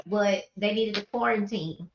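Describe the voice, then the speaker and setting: A woman's voice: mid-range voice, measured pace, slight background noise. A woman hosting a live podcast chat over a video call in a chatty way. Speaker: podcast host. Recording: dull, echoey video call audio.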